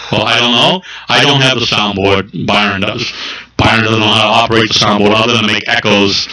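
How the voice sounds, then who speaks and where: A man's voice: on the low side, steady tone, brisk, bright, forceful tone. Man talking in an echoey room. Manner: profane, explains at length. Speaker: podcast co-host. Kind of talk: casual chat.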